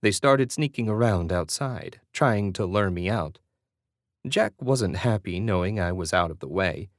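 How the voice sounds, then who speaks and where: A man narrating a horror novel aloud in a steady storytelling manner. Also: sits low, measured pace, no room sound, studio quality. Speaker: audiobook narrator. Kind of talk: scripted narration.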